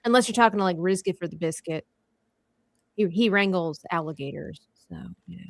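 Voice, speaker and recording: A woman's voice: on the low side, fairly quick, dry recording. A woman hosting a casual livestream art party, chatting, laughing and reading comments from the chat aloud. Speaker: livestream host.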